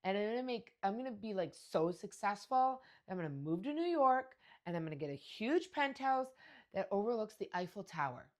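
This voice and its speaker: A woman's voice: mid-range voice, very animated, moderate pace, a little mellow, voice pushed up, lightly acted. A woman voicing her naive young daughter's big dreams in a raised voice. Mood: dreamy.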